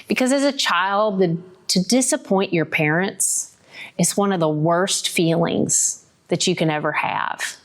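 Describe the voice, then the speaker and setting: A podcast host, a woman with a fairly low-pitched voice, shares a candid and reflective testimony of her faith. She frequently checks in with listeners by tossing in a quick "right?".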